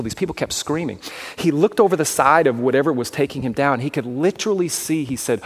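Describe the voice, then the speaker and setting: A man giving a sermon-style talk as a traveling evangelist, telling stories and often asking the crowd if they follow. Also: mid-range voice. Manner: storytelling with frequent asides and checks to the crowd.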